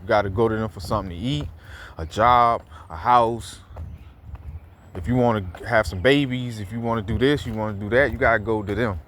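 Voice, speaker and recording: A man's voice: fairly low pitch, fairly quick, fairly bright tone. Heated man ranting outdoors, noisy street. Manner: heated, profane, rambling with fillers and repeats. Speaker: scripture commentator. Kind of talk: casual spoken commentary. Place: outdoors, walking around a neighborhood.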